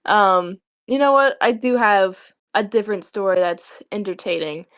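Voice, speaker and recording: A woman's voice: mid-range voice, animated, normal speed, a bit bright, clean tone. A young woman in casual chat as a podcast co-host, telling rambling stories with frequent laughs. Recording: dull lo-fi sound.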